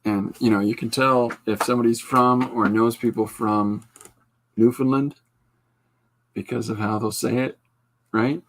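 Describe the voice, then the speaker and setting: A man's voice: fairly low pitch, level tone, normal speed, a bit bright. A man hosting a casual live podcast, chatting with viewers and rambling through asides and self-corrections. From Canada. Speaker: podcast host drawing comics live. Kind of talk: casual live-stream chat reading comments.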